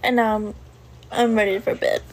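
A woman's voice: medium pitch, little pitch movement, normal speed, soft background music. A young woman from the United States, tired and sleepy, chatting casually on a livestream and answering viewer comments. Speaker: livestream host.

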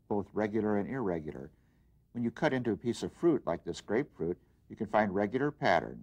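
A man teaching an art lesson, explaining design principles in an unhurried way as he works, with frequent pauses and restarts. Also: on the low side. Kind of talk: demonstration lesson.

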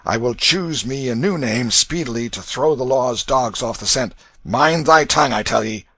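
A man reading aloud, voicing a rough, brutal middle-aged father who barks and growls orders in archaic speech. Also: mid-range voice, moderate pace, bright, forceful tone, no echo, pitched above the performer's own voice. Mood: commanding.

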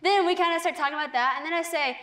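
A young American woman giving a lively, earnest faith testimony as a TV interview guest. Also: very high voice. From United States. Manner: animated storyteller, quick and earnest.

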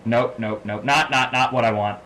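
A man from the American South giving excitable let's-play commentary, swinging between low mumbles and loud laughing outbursts. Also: moderate pace, slight background noise. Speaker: gaming channel host.

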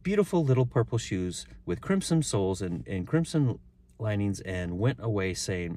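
A man's voice: fairly low pitch, animated, normal speed, warm tone. A man reading a children's story aloud, chuckling and stumbling now and then, with chatty asides. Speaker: reader.

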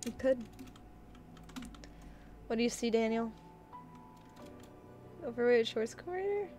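A high-pitched woman talking casually on a live game stream. She chats with viewers, reads their messages aloud and reacts to what happens in play. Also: expressive, slow, warm tone, faint music behind. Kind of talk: casual live-stream chat while gaming.

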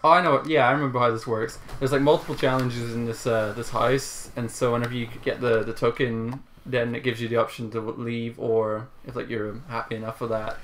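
A young man co-hosting a casual let's play, getting excited and shouting at the game. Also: mid-range voice, a little fast, few pauses, soft background music. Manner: excitable, jumps to shouts while watching the game. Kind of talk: casual gaming chat.

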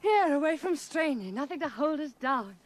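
An actress playing a restless, bored aristocratic lady, speaking in a breathy, languid, coaxing way in a 1970s television drama. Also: high-pitched, expressive, moderate pace. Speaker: lady of a Scottish estate.

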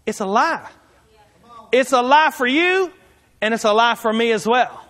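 A man's voice: very high voice, expressive, normal speed, sharp tone, in a large hall. A man preaching a sermon in a folksy, emphatic way, driving his points home by repeating them. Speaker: pastor.

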